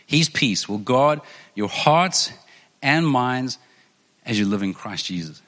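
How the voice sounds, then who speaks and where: A man's voice: mid-range voice, expressive, slow pace, fairly bright tone. Man, pastor, sermon, earnest conversational delivery, long hall echo. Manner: conversational, earnest preaching with repeated phrases.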